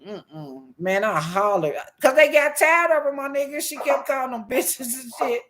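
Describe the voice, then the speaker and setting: Extremely high-pitched and at normal speed, this man's voice carries a little hiss or hum. He's a Washington DC YouTube commentator ranting about streamers, telling laughter-filled, profane stories and voicing what others said in shifting tones.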